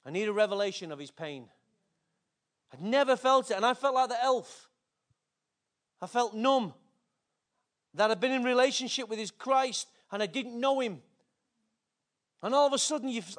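Male pastor with a very high voice, preaching an emotional, fervent sermon. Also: moderate pace, long pauses. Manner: fervent, emotional, with big swings in pitch and loudness.

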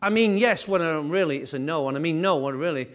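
High-voiced man preaching a sermon. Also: fast talker. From England. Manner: animated preaching with repetition and asides. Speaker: pastor.

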